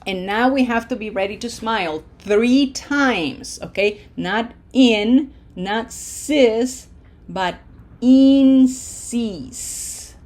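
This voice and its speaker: Slow, deliberate woman teaching a lesson. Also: mid-range voice. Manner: slow, deliberate modeling of pronunciation with encouraging checks. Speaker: Spanish teacher. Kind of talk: language lesson.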